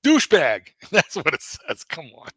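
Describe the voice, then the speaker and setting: A man co-hosts a casual livestream, teasing his partner with lively banter and laughing often. His bright, slightly high voice swings widely in pitch and runs a little fast, recorded close and dry.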